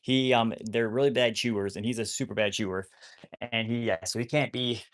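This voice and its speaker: A man's voice: medium pitch, fairly even intonation, brisk. A man rambling casually to viewers on a live stream about rescuing wolfdogs, often cooing at his dogs.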